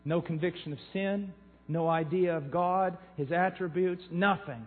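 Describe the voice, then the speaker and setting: A man preaching a sermon and telling stories, impassioned, moving between hushed and loud passages. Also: high voice, a little slow. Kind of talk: sermon storytelling. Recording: tinny, echoey hall recording.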